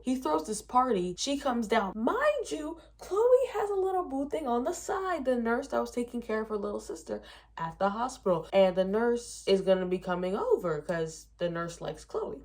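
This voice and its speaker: A talkative woman on a casual book review vlog, retelling a story with lots of fillers. She runs into exasperated asides, and her voice sits at an ordinary middle pitch. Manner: animated, chatty, heavy filler "like". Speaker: book vlogger.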